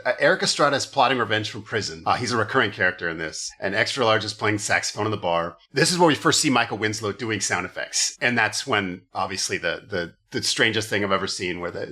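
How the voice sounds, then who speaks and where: Low, forceful man riffing on a podcast. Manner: joking, riffing, swears casually. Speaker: podcast host. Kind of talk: casual comedy podcast chat.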